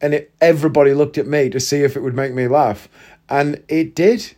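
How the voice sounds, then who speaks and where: A man in his forties telling funny personal stories in a casual, chatty way, breaking into loud laughter often. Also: on the high side, fairly even intonation, brisk. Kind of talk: casual storytelling monologue.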